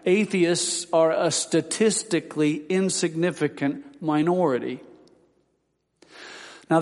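A man's voice: on the high side, long reverb tail. A man preaching a sermon, reading out quotes in a solemn, dramatic way.

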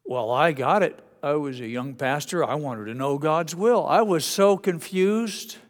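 A man's voice: a little high, measured pace, in a large hall. A male pastor preaching a sermon in a conversational, folksy way, often restarting his sentences. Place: church sanctuary.

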